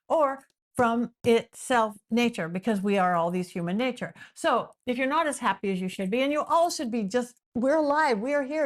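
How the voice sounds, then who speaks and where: A middle-aged woman from Southern California, a psychic medium guest on a podcast, explaining in an animated casual way with frequent restarts. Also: fairly high pitch.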